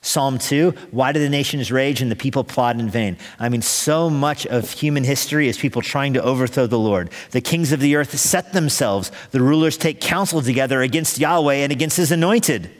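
A man's voice: medium pitch, normal speed, few pauses. Male pastor, mid-range voice, conversational sermon delivery with dry humor, recorded in a church with a long hall reverb. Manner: conversational, wry asides while preaching. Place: church sanctuary.

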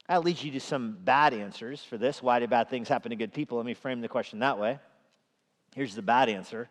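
Pastor, male, mid-range voice, animated sermon delivery, recorded in a reverberant sanctuary. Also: a little fast. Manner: animated, rising in pitch and volume when quoting scripture. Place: church sanctuary. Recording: echoey church hall reverb.

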